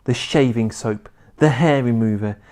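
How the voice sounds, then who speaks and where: A man reading a children's book aloud in an expressive storytelling manner. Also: medium pitch, measured pace.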